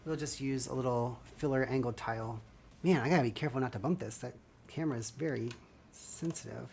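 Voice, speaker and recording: A woman with a very deep, darkish voice talks briskly while live-streaming a LEGO build. She rambles pleasantly to viewers, her voice scratchy and lightly gravelly as if her throat were dry.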